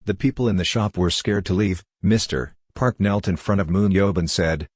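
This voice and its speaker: A man narrating a comic story recap in a steady, even scripted read. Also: low voice, normal speed, hardly any pauses, dry recording, studio quality.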